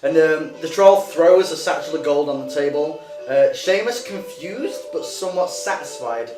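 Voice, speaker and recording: A man's voice: a little high, lively intonation, normal speed, a little mellow. A man narrating as game master in a tabletop game, with many hesitant ums and restarts, in an echoey room with music behind.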